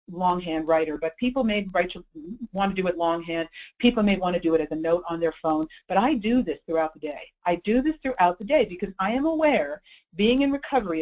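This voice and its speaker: Her voice is lowish and somewhat dark, and the recording sounds muffled. As a clinical presenter on a webinar, she talks conversationally and keeps checking in with her audience through "okay?" and "you know."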